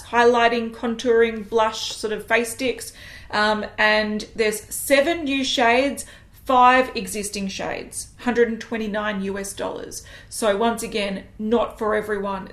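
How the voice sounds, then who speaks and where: A woman co-hosting a casual makeup chat, frank and chatty with many ums. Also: on the high side. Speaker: beauty co-host. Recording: roomy echo.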